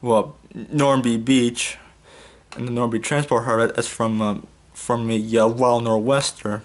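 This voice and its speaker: A man's voice: medium pitch, flat delivery, unhurried. A young man casually reading a fan fiction story aloud as a YouTube host, stumbling and restarting now and then. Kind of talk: casual read-aloud narration.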